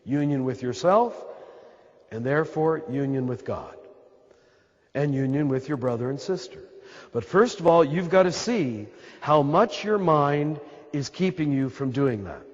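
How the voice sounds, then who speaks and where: A man's voice: on the high side, lively intonation, measured pace, in a large hall, muffled recording. A man with an American accent, a Catholic priest giving a spiritual talk to a live audience in a throaty voice. He is emphatic and repeats his points, speaking straight to his listeners. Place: large hall with an audience.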